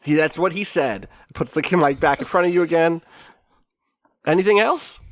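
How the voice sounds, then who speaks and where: A man's voice: a little high, fairly quick, dry recording, clean studio sound. A man with a runny nose narrating as game master, rambling with lots of fillers and laughs.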